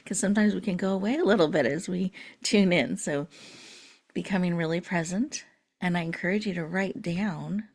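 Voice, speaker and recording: Soft-spoken woman leading a meditation. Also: lowish voice, vocal fry, husky. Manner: soothing, slow, drops to a near-whisper. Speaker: summit host. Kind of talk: guided breathing meditation.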